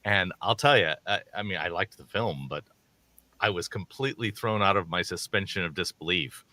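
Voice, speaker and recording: A man's voice: sits low, moderate pace, sharp tone, dry recording. A man co-hosting a call-in show, talking in a chatty, rambling way with many restarts. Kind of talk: casual chat.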